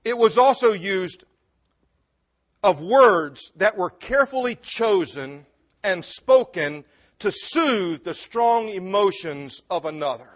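A man's voice: sits high, expressive, slow. A man preaching a sermon to a congregation in an earnest, emphatic way, with asides to the listeners. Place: church before a congregation. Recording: dull lo-fi recording.

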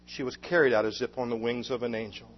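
A man's voice: mid-range voice, steady tone, fast talker, a little hiss or hum. A man preaching, telling a story in an earnest, emphatic way on a dull lo-fi recording. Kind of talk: sermon storytelling.

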